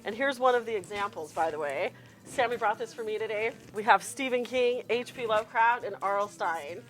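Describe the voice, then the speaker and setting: A woman hosting a casual podcast interview, excitable and gushing, swearing freely. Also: a little high, a little fast. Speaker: podcast host.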